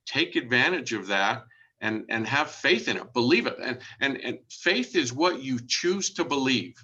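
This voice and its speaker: A man's voice: medium pitch, lively intonation, moderate pace, pushed and bright, husky, lo-fi sound. A man, a real estate agent, sharing his approach in an earnest conversational way, often restarting as he builds a point.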